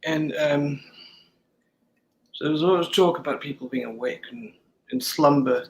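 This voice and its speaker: A man from the United States with a British-sounding accent, a guest talking hesitantly with many pauses. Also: a little high, slight background noise, poor audio. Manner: hesitant, many ums and restarts. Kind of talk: casual chat on a video call.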